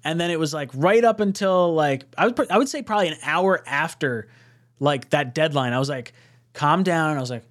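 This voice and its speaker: A young man co-hosting a live sports fan stream, rambling excitedly with frequent laughs and the odd swear word. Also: a little high, a little fast. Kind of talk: excitable casual chat.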